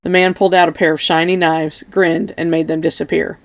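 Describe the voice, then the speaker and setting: A woman reading an audiobook in a steady, even narration. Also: deep voice, a little fast. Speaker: audiobook reader.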